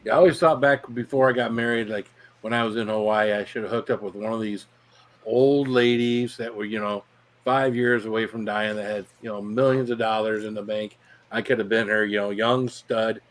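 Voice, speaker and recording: A man's voice: fairly low pitch, fairly even intonation, normal speed, low-quality recording. A man chatting casually with friends, rambling with many fillers. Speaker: chat guest. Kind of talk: casual chat.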